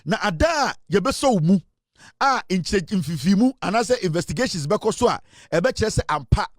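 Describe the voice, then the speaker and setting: A Ghanaian man delivering fiery news commentary in a high, ringing voice. He is emphatic and forceful and moves freely between English and Twi, recorded close and dry with no room sound. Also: lively intonation, moderate pace, no echo. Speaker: political commentator.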